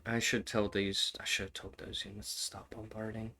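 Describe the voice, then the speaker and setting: Excitable man commenting on his game. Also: lowish voice, normal speed. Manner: swearing, repeats phrases, laughs often, excitable. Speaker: gaming streamer. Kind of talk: casual gameplay commentary.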